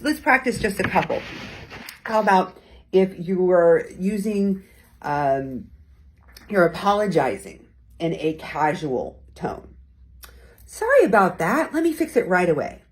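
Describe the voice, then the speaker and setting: A woman's voice: lowish voice, animated, measured pace, breathy edge. A woman hosting a weekly talk, teaching about tone of voice in a conversational, encouraging way and acting out different tones as examples. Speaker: host and communication coach.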